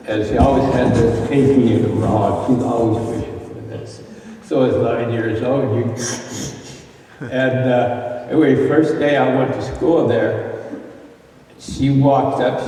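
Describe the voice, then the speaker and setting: An older Arizona man, once a ranch boy, shares local history through folksy, rambling ranch stories full of fillers. His mid-range voice is warm, with a slight hiss or hum, and he sounds far off in an echoey, roomy hall.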